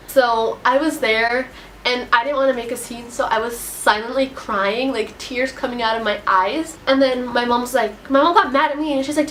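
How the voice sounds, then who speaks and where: A woman's voice: fairly high pitch, moderate pace, a bit bright, slight background noise. A teenage girl telling a storytime vlog in a casual, rambling way, upset and full of "like". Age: teens. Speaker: vlogger.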